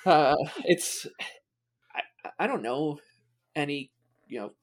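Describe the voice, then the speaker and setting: A man's voice: on the high side, lively intonation, takes it slowly. A man co-hosting a casual sports podcast, rambling with many fillers and restarts. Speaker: podcast co-host.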